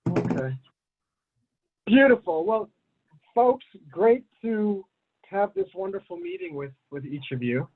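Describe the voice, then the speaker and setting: A man with a notably high voice hosts a casual online group meeting. He rambles a little and hands out blunt advice. The audio comes through thin and tinny, like a phone line. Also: wildly swooping pitch, slow, long pauses, a little hiss or hum. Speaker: host of online community meeting. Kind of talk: casual group video call.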